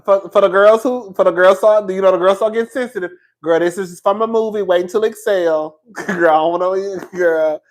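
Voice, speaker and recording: Over a low-quality recording, a man with a high-sitting voice dishes casual celebrity gossip at a moderate pace. He's sassy, profane, and chatty, laughing often between lines and calling his listeners "girl."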